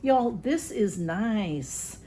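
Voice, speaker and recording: A woman chats her way through an unboxing at home, gushing over every item. She keeps breaking off to talk to her cats. Her voice sits at a middle pitch, and a faint noise hangs under the recording. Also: lively intonation, extremely slow, mellow. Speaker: unboxing vlogger. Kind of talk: casual unboxing chat.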